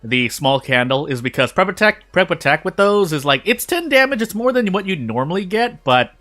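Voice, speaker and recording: Eating as he plays, a male streamer gives loose, chatty commentary, circling back over the same phrases and restarting sentences partway through. Faint game music sits in the background. His voice is high-pitched, very animated, bright and forceful, at normal speed.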